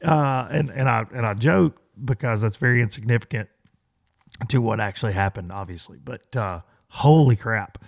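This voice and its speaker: A man's voice: mid-range voice, normal speed, vocal fry. A man in his forties hosting a podcast, telling a story in a loose, rambling way with many fillers and restarts. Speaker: podcast host. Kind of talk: casual storytelling monologue.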